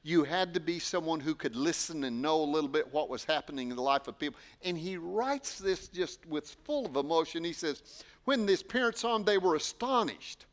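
Expressive male preacher, higher voice. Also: a little fast, few pauses. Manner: expressive, acts out quotes, poses rhetorical questions. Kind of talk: sermon.

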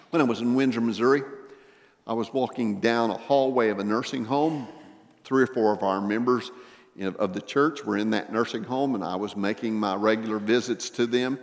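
A male pastor preaching a sermon, addressing the congregation with rhetorical questions and swinging between a raised, emphatic delivery and hushed, intimate tones. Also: mid-range voice, long reverb tail.

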